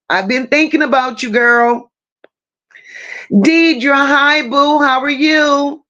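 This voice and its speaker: Greeting each viewer in turn with endearments such as baby and boo, a livestream commentary host chats casually in a high-pitched, slightly bright voice. Her stream's audio is dull and lo-fi.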